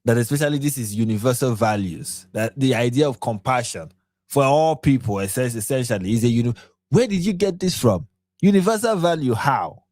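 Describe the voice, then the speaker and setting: Casting note: tired man from Nigeria hosting a late-night livestream, argumentative, middle pitch, dry close sound. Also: lively intonation, a little fast, a little mellow, no room sound. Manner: argumentative, asks repeated rhetorical questions. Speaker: livestream host. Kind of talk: commentary livestream.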